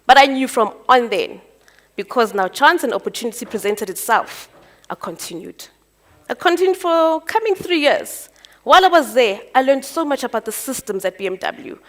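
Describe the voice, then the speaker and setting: A South African woman telling her life story on stage, animated and acting out the dialogue. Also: sits high. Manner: animated, acts out dialogue with quick voice jumps. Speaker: entrepreneur speaker. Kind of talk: personal storytelling talk.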